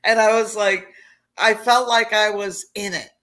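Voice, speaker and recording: A woman guest on a casual live chat, enthusiastic and quick to agree. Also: mid-range voice, fairly even intonation, fairly bright tone.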